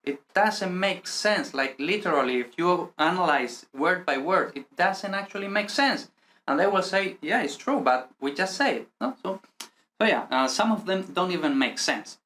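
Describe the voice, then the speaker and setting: A man's voice: sits high, lively intonation, moderate pace, sharp tone. Spanish-accented man teaching, hedging. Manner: hedging, ends phrases with a questioning "no?". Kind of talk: casual screen-share language lesson.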